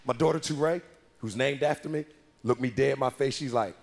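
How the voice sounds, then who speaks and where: A male stand-up comedian in his thirties telling profane, animated stories about his daughters on a club stage. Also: mid-range voice, fairly quick, creaky. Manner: profane, animated storytelling with voices.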